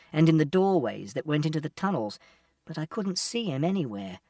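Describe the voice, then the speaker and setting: A man's voice: a little high, darkish tone, dry recording, studio quality, far from the mic. A man reading a first-person audiobook as a teenage boy, in a literal, matter-of-fact, detailed manner. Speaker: audiobook narrator.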